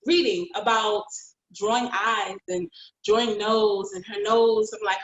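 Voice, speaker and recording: A woman painter telling her own story in an interview, heartfelt and expressive and quick to laugh. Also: fairly high pitch, lo-fi sound. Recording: roomy echo.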